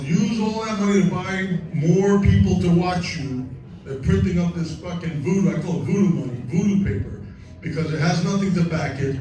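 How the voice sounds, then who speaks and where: A man's voice: on the high side, warm tone. A man telling an impassioned, profane story at an event, ranting and mocking the people he quotes. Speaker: speaker at a crypto event. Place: large echoey event space. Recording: echoey room, distant mic.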